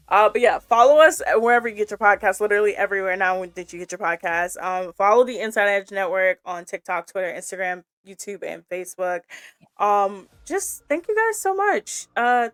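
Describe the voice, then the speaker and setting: A woman's voice: medium pitch, animated, moderate pace, fairly bright tone, no room sound. Bubbly, effusive woman podcast co-host. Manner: bubbly, effusive, pleading with listeners. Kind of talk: casual chat, sign-off.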